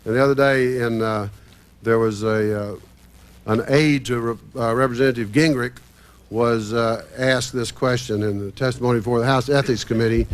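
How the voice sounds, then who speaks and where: A man's voice: mid-range voice, fairly even intonation, moderate pace. A man on a discussion panel who talks in a chatty, anecdotal way with hesitations. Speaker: panel guest.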